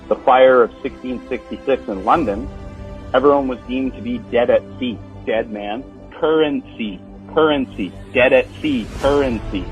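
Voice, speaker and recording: A man of middle pitch lectures on a podcast, stringing words together and firing off rhetorical questions. The audio is dull and lo-fi, with faint music underneath. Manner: lecturing, builds chains of wordplay with rhetorical questions. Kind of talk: podcast conversation.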